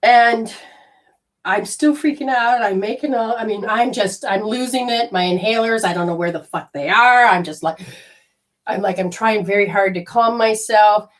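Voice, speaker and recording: A woman telling a personal story in a casual, animated way, swearing freely and acting out her own panic. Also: mid-range voice, moderate pace.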